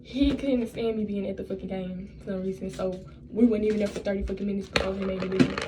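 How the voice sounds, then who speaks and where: A woman's voice: medium pitch, fairly even intonation, fast, very noisy. A young woman telling a personal story in a casual storytime vlog, blunt and profane, rambling and restarting her sentences. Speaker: vlogger.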